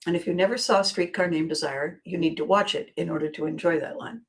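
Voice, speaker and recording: A woman hosting a podcast, musing aloud in a reflective self-help monologue, often circling back, repeating phrases and clearing her throat. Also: on the low side, a little fast, few pauses. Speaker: podcast host.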